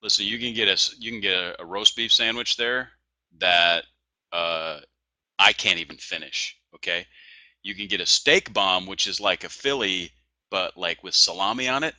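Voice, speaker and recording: A man's voice: low voice, normal speed, bright, forceful tone, no room sound. A male co-host in casual chat, telling stories in an easygoing way. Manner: easygoing storyteller, laughs often. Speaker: podcast co-host.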